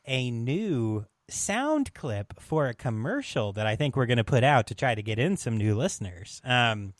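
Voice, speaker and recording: A man co-hosting a podcast in casual chat, loose and quick to laugh, swearing freely. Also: mid-range voice, very animated, no room sound. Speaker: podcast co-host.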